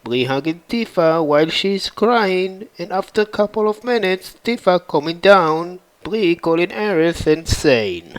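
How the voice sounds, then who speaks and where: A man narrating a fan-made game story over footage, in a slow, plain retelling. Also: sits high, poor audio.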